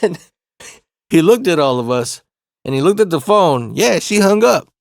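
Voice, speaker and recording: A man casually telling a funny, profane story from his past, laid-back and animated, laughing along. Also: a little high, normal speed, gravelly, dry recording, studio quality. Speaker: comedic storyteller.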